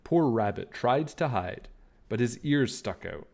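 Brief: lively male storybook reader, swinging pitch, expressive read-aloud. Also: unhurried, vocal fry. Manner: animated, expressive narration. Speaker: children's book reader.

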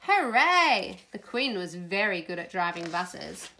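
A woman reading a children's storybook aloud in an expressive, playful way. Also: lowish voice, moderate pace, creaky. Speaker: storybook reader.

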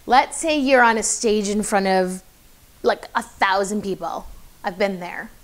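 A young woman with a medium-pitched voice coaches public speaking in a casual advice video to camera. She talks a little slowly in a chatty, encouraging way, using lots of fillers.

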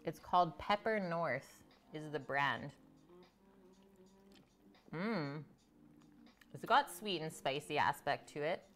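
A woman's voice: low voice, animated, takes it slowly, long pauses, fairly bright tone. A woman hosting a live cooking stream, chatting casually and reading out viewer comments as she tastes food at home. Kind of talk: casual chat while eating.

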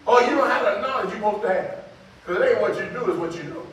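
An older man preaching a sermon as pastor, in a folksy call-and-response way that breaks into shouts. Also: sits high, moderate pace, long pauses. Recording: echoey hall from far off.

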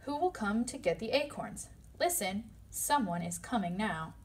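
A woman's voice: lively intonation, moderate pace. Woman reading a children's picture book aloud. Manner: playful, voicing animal sounds with high squeaks and yips. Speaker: storybook reader.

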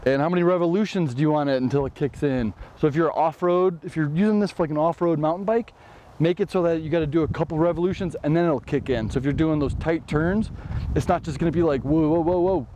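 A Chicago man hosts a casual vlog showing off a custom bike build, chatting jokingly and tossing in playful asides. He talks quickly in a fairly high, mellow voice, with a bit of hiss or hum in the recording.

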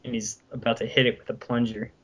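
A man's voice: mid-range voice, level tone, fast, highs cut off, slight background noise. A young man co-hosting a podcast, casually retelling a comic scene with many fillers and restarts. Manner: rambling, lots of fillers and restarts. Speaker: podcast co-host.

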